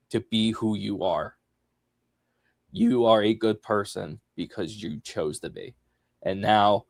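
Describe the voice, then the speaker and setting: A man co-hosting a podcast, chatting casually and telling a story with big swings between loud and soft. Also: on the low side, dry recording, studio quality. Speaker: podcast co-host.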